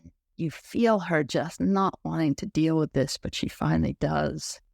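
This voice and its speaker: A man who serves as a meditation teacher, telling a story in an unhurried, tender, musing way. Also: a little high, gravelly, a little mellow, dry recording, studio quality. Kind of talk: reflective storytelling talk.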